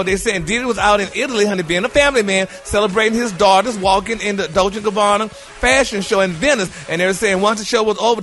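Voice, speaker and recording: A man co-hosting a morning radio show, telling celebrity gossip in a flamboyant, animated way and calling listeners honey and y'all. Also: high voice.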